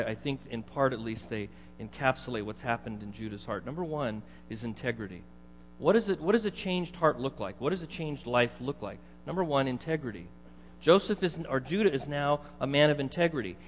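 A middle-aged male pastor preaching in a loose, conversational way and often asking his listeners questions. His voice comes through dull, with a long church-hall reverb and a faint mains hum behind it. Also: medium pitch. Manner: conversational, asks the congregation questions. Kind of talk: sermon.

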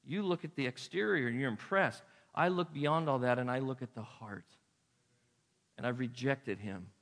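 A man voicing God as a calm, firm divine father who gently corrects a prophet, in an echoey hall. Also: mid-range voice, normal speed, close to an everyday voice.

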